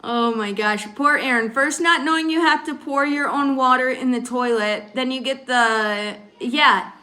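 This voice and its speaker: A high-pitched woman chatting on a casual live stream from her rural home. She talks in an easy, rambling way and breaks into laughter often as she reacts to viewers' comments. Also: unhurried, sharp tone. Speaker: livestream host. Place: home in rural western Mexico.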